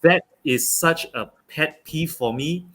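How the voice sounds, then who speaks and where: A young man from Malaysia, talking football as a guest on a casual online show, pausing often with fillers and restarts. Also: fairly high pitch, fairly bright tone. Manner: halting, many fillers and restarts. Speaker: guest pundit.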